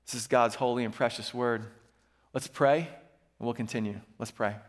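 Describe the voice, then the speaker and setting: A man's voice: medium pitch, normal speed. A man preaching as a pastor, reading scripture and praying, then calling out questions and asking the congregation to answer. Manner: animated, calls for audience response. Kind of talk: sermon. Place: church sanctuary. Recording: long hall reverb.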